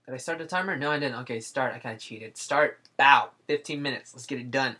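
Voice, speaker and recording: Fast and forceful, a man with a medium-pitched, bright voice hosts a live drawing session. He rambles and jokes with viewers in casual chat, talking to himself as he works.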